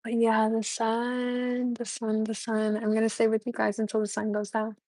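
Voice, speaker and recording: A woman's voice: fairly high pitch, completely flat delivery, moderate pace, a little mellow, dry recording. A young woman chatting casually with her viewers on a live stream. She is bubbly, laughs often and answers questions from the chat. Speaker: livestreamer.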